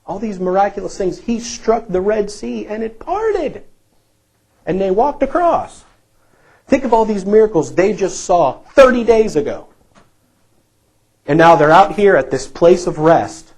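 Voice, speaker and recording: A man's voice: high voice, big pitch swings, measured pace, a little mellow, poor audio. A male pastor preaching a sermon in a church, emphatic and repetitive, asking the congregation rhetorical questions.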